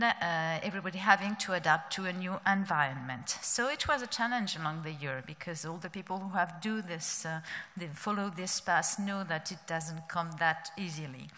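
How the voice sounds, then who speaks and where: A woman with a French accent giving a conference opening speech, halting, with many fillers and restarts. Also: on the low side, bright, forceful tone. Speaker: department director. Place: large conference hall. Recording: long hall reverb.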